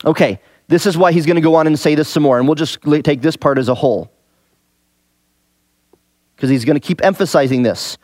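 Male Bible teacher, fairly high voice, dry close sound; conversational, leans on rhetorical questions and repeated key phrases. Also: a little fast, pauses often, darkish tone, no room sound.

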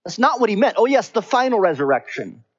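A man preaching a sermon with slow, stressed phrases. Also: high-pitched, big pitch swings, breathy edge. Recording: slightly dull lo-fi recording.

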